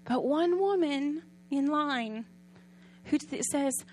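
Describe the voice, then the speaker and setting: A woman preaching a sermon in a conversational storytelling way, often asking the audience questions and sometimes dropping soft and quiet. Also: high voice, expressive, slow pace, a little hiss or hum.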